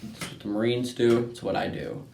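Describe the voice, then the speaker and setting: A man's voice: medium pitch, steady tone, moderate pace, gravelly, a little mellow. Rambling young man telling a story. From Texas. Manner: rambling, keeps asking "right?" and saying "anyways". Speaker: hunting channel host. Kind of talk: casual storytelling. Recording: echoey room with faint noise.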